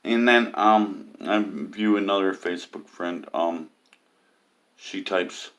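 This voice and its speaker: A man's voice: slow, a bit bright. A man ranting to camera about religion, mocking, with many filler ums. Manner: mocking, lots of ums, mimics others in high cries. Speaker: atheist vlogger.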